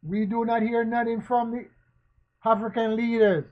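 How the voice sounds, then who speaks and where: A man giving spoken commentary, asking questions again and again and preaching in a slow, emphatic way. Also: extremely high pitch, flat delivery. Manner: rhetorical, repetitive questioning. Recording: dull lo-fi recording.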